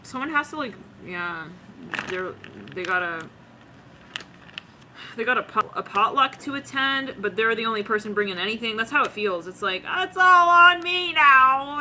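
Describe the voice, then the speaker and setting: With a slightly high, bright, pushed voice, this woman reads tarot in a giggly, slang-filled style, dramatizing her impressions with plenty of "it's like." Slight background noise can be heard.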